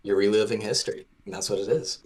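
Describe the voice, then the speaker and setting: A man's voice: fairly low pitch, steady tone, quick pace, darkish tone. Chatty male game designer. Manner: loose and chatty, peppered with "like". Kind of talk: casual podcast chat.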